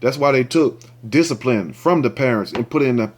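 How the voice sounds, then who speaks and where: An indignant man reads a news story aloud and keeps stopping to rant about it, swearing freely as he goes. He talks straight at his viewers in a voice of ordinary, middle pitch. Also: brisk. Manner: talks straight to viewers, asks for likes and shares. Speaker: commentary show host. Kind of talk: reading a news story aloud with angry commentary.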